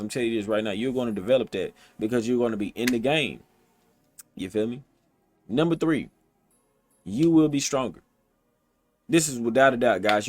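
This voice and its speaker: Emphatic man talking straight to viewers. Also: medium pitch. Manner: emphatic, repetitive, addresses viewers as guys and man; colloquial, streetwise phrasing. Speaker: motivational vlogger. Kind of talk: casual direct-to-camera talk. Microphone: streaming setup, computer recording.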